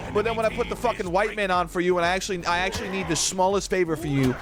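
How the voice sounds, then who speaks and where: Rambling, high-voiced streamer guy. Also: racing, few pauses, music in the background. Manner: profane, rambling, peppered with "dude" and "like". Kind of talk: casual storytelling while gaming.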